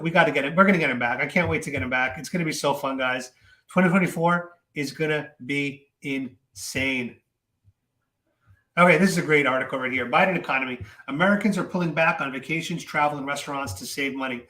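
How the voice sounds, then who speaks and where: Man, casual political commentary, chatty, repeats himself, fairly high voice, echoey room. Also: brisk. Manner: animated, talks to viewers, many fillers and repeats.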